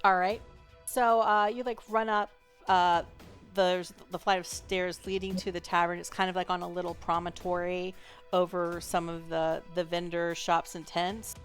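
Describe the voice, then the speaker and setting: A woman narrating as game master of a tabletop game, relaxed and chatty, with lots of fillers and laughs. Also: fairly low pitch, normal speed, soft background music.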